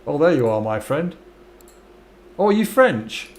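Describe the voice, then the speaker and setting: A man's voice: on the high side, very animated, measured pace. A middle-aged man, chatting casually to viewers while live-streaming a game, friendly and stumbling over his words.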